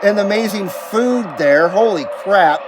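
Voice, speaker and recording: Fifties guy w a highish voice doing a chill cb radio livestream, jokey, faint hiss behind. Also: lively intonation, measured pace. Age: 50s. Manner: laid-back, jokey, talks to viewers and calls out on air. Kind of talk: casual live-stream chat.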